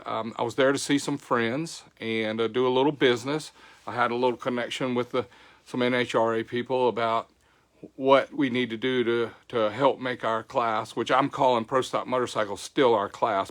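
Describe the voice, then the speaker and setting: A man's voice: mid-range voice, a bit bright. An older man hosting a casual livestream, folksy, greeting viewers by name. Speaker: show host. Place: home.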